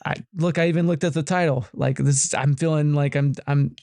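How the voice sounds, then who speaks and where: A man hosts a casual podcast in a fairly high voice, rambling and correcting himself as he goes. The recording is dry and close, with no room sound. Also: steady tone, a little fast, darkish tone, no echo. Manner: rambling, full of restarts and filler. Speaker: podcast host.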